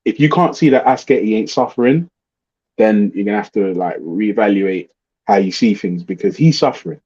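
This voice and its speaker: Speaking at a normal speed in a fairly low voice with a breathy edge, a middle-aged man hosts a livestream and tells stories in an animated, blunt way, swearing freely. It's casual ranting chat, and the audio is muffled and lo-fi.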